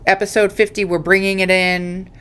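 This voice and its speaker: A woman's voice: mid-range voice, flat delivery, normal speed, a bit bright, smooth. A woman co-hosting a podcast in casual chat, earnest and apologetic. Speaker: podcast co-host.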